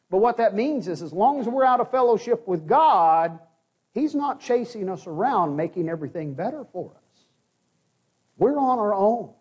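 High-voiced man preaching a sermon. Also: a little mellow, slightly rough. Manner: earnest, repeats key phrases for emphasis. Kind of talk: expository sermon.

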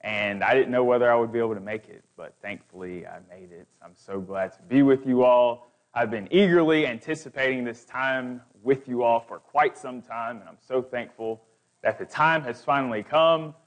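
A man's voice: mid-range voice, normal speed. A man preaching as a guest speaker, building emphatic, repetitive lists. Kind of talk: sermon.

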